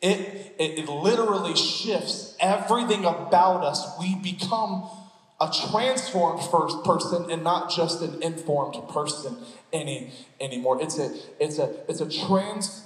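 A man preaches in a church sanctuary, his voice sitting a little high for a man. He is lively and jokey and slips into comic voices to act out stories. The room is echoey, with a long hall reverb trailing after his words. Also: a little slow. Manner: animated, joking, acts out scenes in funny voices. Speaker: pastor. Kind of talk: sermon.

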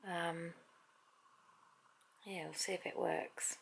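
A woman's voice: lowish voice, flat delivery, takes it slowly, gravelly, husky, poor audio. A middle-aged British woman chatting candidly to her viewers at home in a daily vlog. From Britain. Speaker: vlogger. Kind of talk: casual daily vlog chat.

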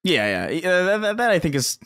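A man's voice: sits high, sing-song, fairly quick, a bit bright, dry recording, clean studio sound. A man co-hosting a podcast in casual chat, rambling with many restarts and frequent laughs. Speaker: podcast co-host.

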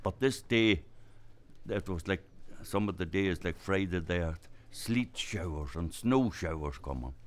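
An older Irish man from Donegal tells a rural tale in a fairly low voice. He tells it in a lively way and acts out voices and gestures. It sounds like a traditional storyteller in full flow. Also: measured pace. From Ireland, Inishowen area.

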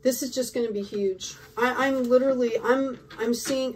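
A woman's voice: on the high side, fairly even intonation, moderate pace, a little mellow, distant mic, a little hiss or hum. Effusive woman reading tarot cards. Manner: effusive, full of "like", "right?" and "okay?". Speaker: tarot reader. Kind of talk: casual tarot reading to camera.

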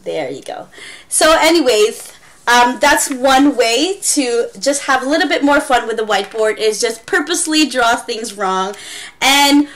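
Woman ESL teacher, unhurried and fairly high-voiced, casual chatty demo. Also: expressive, fairly bright tone. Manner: chatty, demonstrates with exaggerated gasps and wows.

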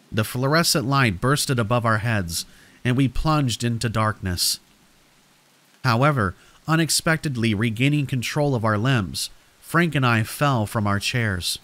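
Man, horror story narrator, middle-pitched voice, measured and dramatic delivery. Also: a bit bright.

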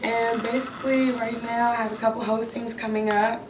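A woman gives plain, matter-of-fact answers in an interview. She sounds off-mic in an echoing space. Steady background noise runs underneath her. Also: fairly high pitch, moderate pace. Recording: echoey, distant, noisy room.

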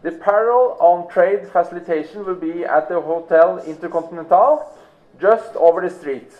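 A man's voice: high voice, normal speed. A man giving practical schedule announcements to a conference audience in a hotel ballroom, matter-of-fact with many fillers. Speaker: event organizer making announcements. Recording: tinny phone-like recording.

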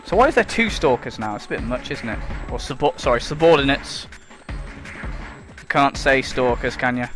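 Sweary sarcastic man, lively pitch. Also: normal speed, music in the background. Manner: sarcastic, sweary, mocking, breaks into squeaky mock voices. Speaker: gameplay commentator. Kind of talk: casual let's play commentary.

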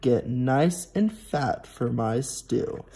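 Teen guy reading a sly hungry wolf, slow, low and mellow. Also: expressive, slight background noise. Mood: scheming. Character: hungry scheming male wolf. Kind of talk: reading a storybook aloud.

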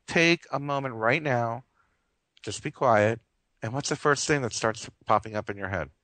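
A man's voice: medium pitch, moderate pace, a bit bright, no echo, rough recording. A man hosting a live radio talk show, talking earnestly and rambling, with frequent restarts and chuckles.

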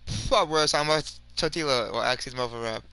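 Gravelly young man rambling over gameplay. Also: medium pitch, quick pace, dry recording. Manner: slangy, rambling, swings from mumbling to shouting. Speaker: gaming video creator. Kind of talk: casual gameplay commentary.

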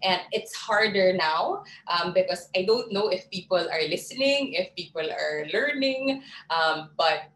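A young woman with a Filipino accent giving a lively, chatty online talk on public speaking, slipping in Tagalog words, from a small room over a video call. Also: fairly low pitch, a little slow. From Philippines. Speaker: guest speaker. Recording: roomy video call with faint background noise.

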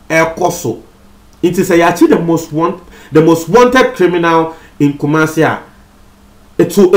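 Ghanaian male TV presenter, high voice, talks straight to viewers, echoey room. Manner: mixes Twi with English; addresses viewers directly. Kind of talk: commentary on a news story. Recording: roomy echo.

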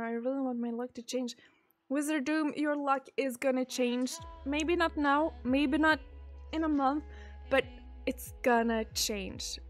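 A woman chats casually on a live stream, reading out viewer messages and answering them one by one. Faint music plays softly behind her. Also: sits high.

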